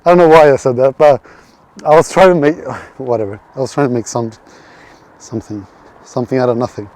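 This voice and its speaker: A man's voice: medium pitch, fairly even intonation, a little fast, darkish tone. A man from Sweden live-streaming while walking outdoors at night, rambling, swearing and answering chat. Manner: rambling, swearing, restarts and reads chat aloud. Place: outdoors on a city street at night. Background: faint street and traffic noise.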